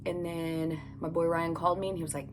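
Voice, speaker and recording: A woman's voice: lowish voice, little pitch movement, brisk, background noise. A woman hosting a devotional podcast, chatting casually and reading scripture aloud while recording in a home closet. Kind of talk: casual devotional Bible teaching.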